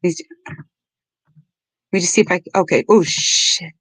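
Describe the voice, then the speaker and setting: Earnest, halting woman streamer. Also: on the low side, slightly rough, no room sound. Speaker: livestream host. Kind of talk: casual livestream commentary.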